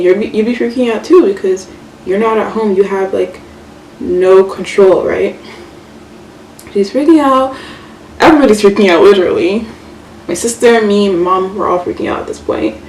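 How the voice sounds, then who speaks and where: A young woman vlogger telling a story casually while doing her makeup, chatty and animated, full of fillers and swearing. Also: medium pitch, moderate pace. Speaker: beauty vlogger. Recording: echoey room, mic far off, faint hiss.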